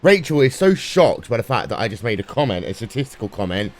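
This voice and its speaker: A man calling a sim race live, brisk and playful, with dry jokes. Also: mid-range voice, big pitch swings, slight background noise. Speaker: sim racing commentator. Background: music playing underneath.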